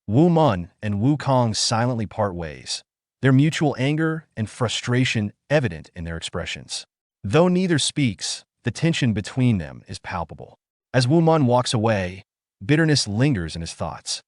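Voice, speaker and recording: A man narrating a comic story recap in a steady, scripted storytelling manner. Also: medium pitch, normal speed, dry recording, studio quality.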